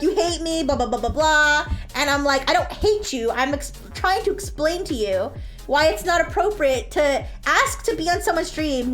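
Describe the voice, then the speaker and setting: A woman's voice: high-pitched, fairly bright tone. A woman streamer telling a story casually to her chat while drawing, laughing often and swearing freely.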